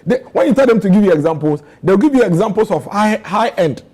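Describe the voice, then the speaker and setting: Man, Ghanaian accent, high husky voice, heated panel debate, impassioned. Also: expressive, quick pace, darkish tone. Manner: impassioned, rising to pleading outrage.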